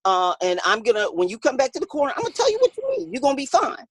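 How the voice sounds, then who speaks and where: A woman boxing coach telling a story in an interview, animated, acting out the voices of the people in it and laughing often. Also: sits high, racing, breathy edge.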